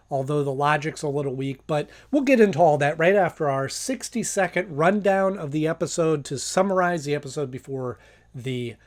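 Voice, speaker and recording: A man casually talking through a cartoon episode. He rambles and restarts, with lots of fillers. His voice sits a little high. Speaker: episode reviewer. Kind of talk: casual video review.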